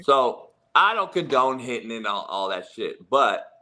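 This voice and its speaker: A man's voice: medium pitch, sing-song, unhurried, pushed and bright. A middle-aged man hosting a sports talk show, blunt and profane, laughing often as he talks about coaching. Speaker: football coach and podcast host.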